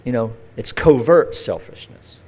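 A man's voice: medium pitch, a little slow, a little mellow, breathy edge. A male pastor preaching a conversational sermon, telling folksy stories with vivid acted-out asides.

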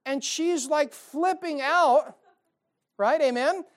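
During a church service, a male pastor preaches a sermon to the congregation, cracking jokes and calling out "Amen?" while swinging between loud and quiet. His voice is very high-pitched and his pace is slow.

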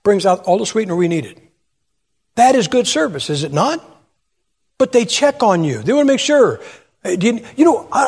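A man's voice: high-pitched, a little mellow, slightly rough, long reverb tail. An older man preaching a sermon, telling stories and putting questions to his audience. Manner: storytelling, asks the audience questions. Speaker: pastor.

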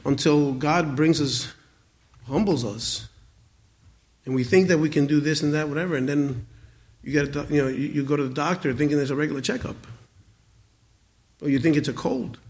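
Man, forties, pastor preaching, earnest, stammering restarts, fairly high voice, loud-to-quiet swings. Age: 40s. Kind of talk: sermon.

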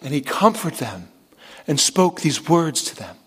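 A man preaching a sermon in an earnest, impassioned way, with dramatic pauses. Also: a little high, sing-song, fairly bright tone, husky. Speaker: pastor.

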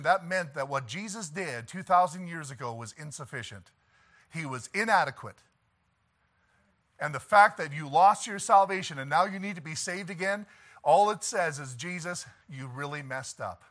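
A preacher with a bright, slightly high voice delivers his sermon with passion. He swings from hushed, pleading lines to shouted declarations, laughing between points. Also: expressive, moderate pace. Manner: impassioned preaching, rising to shouts, with chuckles. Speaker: pastor.

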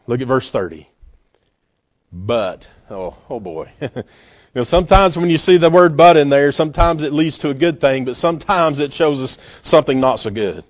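Guy preaching, acts out the story, laughs a lot, kinda high voice, dry close sound. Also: dry recording. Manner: animated storytelling preacher who acts out scenes and laughs often. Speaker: pastor. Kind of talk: sermon.

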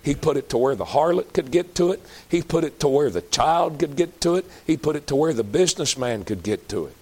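A man's voice: a little high, expressive, a little fast, a little mellow, husky. A man preaching an evangelistic sermon, fervent and emphatic, pleading with his listeners.

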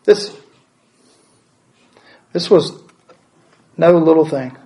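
A man's voice: fairly high pitch, very slow, dark tone, poor audio. A man preaching a sermon as pastor, asking the congregation questions and repeating words for emphasis.

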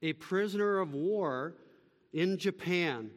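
A man preaching a sermon as pastor, emphatic, swinging between loud calls and quiet, slow summaries. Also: fairly high pitch, long reverb tail.

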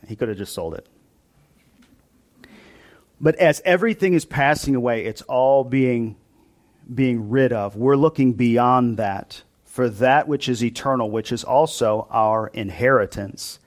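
A man's voice: mid-range voice, normal speed. A male pastor preaching a sermon to his congregation in a church, in a conversational style that often asks them questions.

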